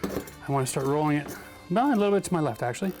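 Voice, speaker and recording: Chatty DIY man, higher voice. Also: animated, fast talker, music in the background. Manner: chatty, self-mocking, laughs at his own mistakes. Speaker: DIY renovation host. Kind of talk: casual how-to narration. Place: bathroom under renovation.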